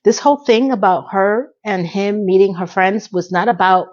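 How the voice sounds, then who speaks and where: A woman talks her way through an episode recap in a chatty, offhand style. She bounces into the characters' lines with quick pitch jumps. Her voice sits in a middle register on a slightly muffled, lo-fi recording. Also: a little mellow. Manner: chatty, acts out quotes with shifting pitch. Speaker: recap host.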